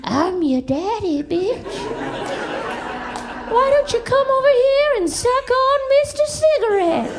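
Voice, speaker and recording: A woman voicing a crude, bossy talking cigarette with a squeaky, taunting voice. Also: sing-song, slow, crowd noise, exaggerated voice.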